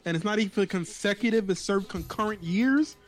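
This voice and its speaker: Higher-voiced man with blunt, profane comebacks. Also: a little fast, faint music behind. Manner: blunt, profane, animated reactions. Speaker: podcast co-host. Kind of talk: casual podcast banter.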